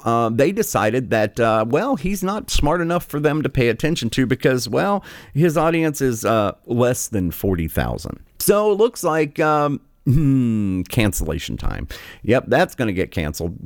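A man's voice: mid-range voice, dry recording, studio quality. A man hosting a political commentary show, ranting in a sarcastic, scornful way with many fillers.

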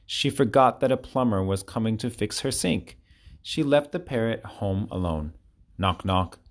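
A man reading short children's stories aloud with clear, expressive storytelling. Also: medium pitch, moderate pace. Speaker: narrator.

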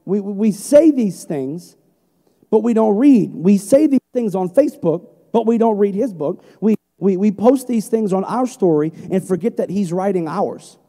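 A middle-aged male pastor preaching a sermon with passion, moving between loud emphatic peaks and quiet storytelling. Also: sits high, lively intonation, normal speed. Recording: long hall reverb.

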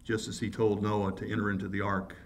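A pastor delivering a sermon, addressing the congregation directly with urgent rhetorical questions and building to loud, fervent passages. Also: male voice, lowish voice, level tone, brisk. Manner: impassioned preaching that swells loud and urgent.

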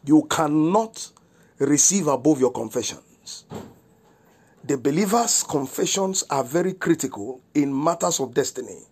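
A male pastor giving a devotional broadcast sermon, making slow, deliberate declarations and asking repeated rhetorical questions. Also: on the high side, lively intonation, a little mellow, slightly rough. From Nigeria.

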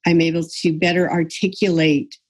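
A woman's voice: lowish voice, little pitch movement, moderate pace, breathy edge. A middle-aged woman sharing personal experiences on a group call, hesitant with frequent ums and self-deprecating.

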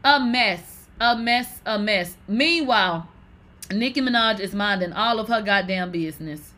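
A woman giving casual, animated pop-culture commentary, profane and dramatic, with exclamations. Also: medium pitch, unhurried.

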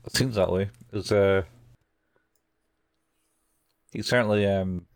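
A man's voice: lowish voice, steady tone, moderate pace, gravelly, clean tone, no echo, studio quality. A man casually recapping anime episodes as a podcast co-host, rambling and acting out the characters' lines.

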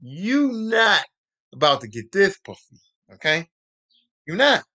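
A man's voice: high voice, big pitch swings, slow pace, pushed and bright, exaggerated voice. A man voicing a blunt, menacing young woman killer from a TV drama, talking crude street slang.

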